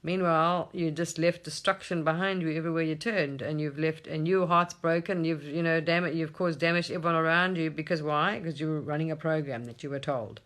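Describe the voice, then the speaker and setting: A spiritual teacher talking casually to camera at home, animated, swearing and laughing often. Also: medium pitch, brisk, hardly any pauses.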